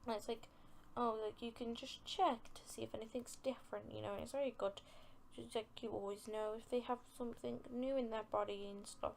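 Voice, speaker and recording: A chatty young woman rambles through a casual podcast, full of "like" and "you know" and quick giggles. Her voice sits a bit high, with a gravelly, fry-laden edge. A faint hiss runs under the recording. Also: fairly even intonation. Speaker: podcast host.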